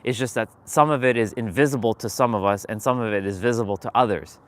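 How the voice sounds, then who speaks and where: A young adult man talks through his own livestream in a loose, confessional way. He speaks candidly and with feeling, drops swear words, and often restarts his sentences. His voice sits at a middle pitch for a man. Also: fast, fairly bright tone. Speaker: livestream host. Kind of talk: casual confessional livestream talk.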